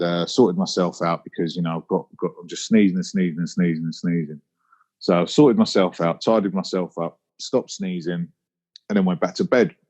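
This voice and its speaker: Low-voiced Cockney man telling a story. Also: darkish tone, dull audio. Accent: Cockney London. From London, England. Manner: reflective, personal storytelling. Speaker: podcast host. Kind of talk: casual solo podcast monologue.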